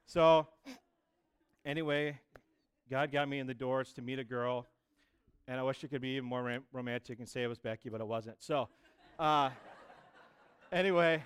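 A man preaching a sermon, telling a personal testimony in a chatty, lively way and acting out the voices of people he quotes. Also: medium pitch, normal speed, long pauses, clean tone. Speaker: pastor.

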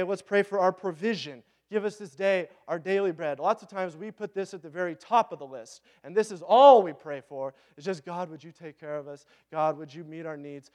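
A man in his thirties with a Pacific Northwest American accent, preaching a conversational sermon and asking the congregation questions. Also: high voice. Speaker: pastor.

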